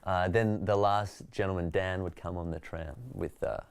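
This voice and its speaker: Australian comedian guest, deep and smooth-voiced, easy storyteller, dry close sound. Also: male voice, normal speed, no room sound. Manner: relaxed, storytelling, reflective. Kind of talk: interview conversation.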